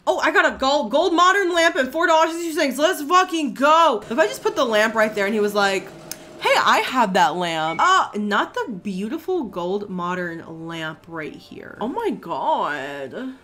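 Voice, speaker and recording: Young woman, gaming streamer, lively swooping voice, excitable, swears a lot. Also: sits high, moderate pace, hardly any pauses. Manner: excitable, profane, talks to the chat. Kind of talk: casual gameplay commentary.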